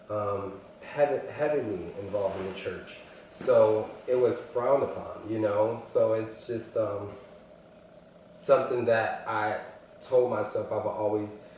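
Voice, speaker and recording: A man's voice: lowish voice, darkish tone, a little hiss or hum. Earnest young man, echoey distant sound. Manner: earnest, halting, with many restarts and fillers. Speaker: vlogger telling his coming-out story. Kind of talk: personal storytelling. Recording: echoey room, voice from afar.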